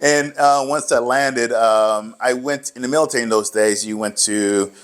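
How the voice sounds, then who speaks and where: A man's voice: mid-range voice, normal speed. A middle-aged man, a rehab clinic director, chatting as an interview guest, telling rambling stories, laughing often and acting out quoted dialogue. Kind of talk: casual interview storytelling.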